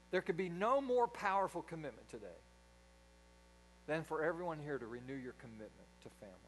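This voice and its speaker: A man preaching a sermon in a church, a dynamic speaker who swings from loud emphasis to quiet asides. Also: fairly high pitch, a little hiss or hum, poor audio. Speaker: pastor. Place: church sanctuary.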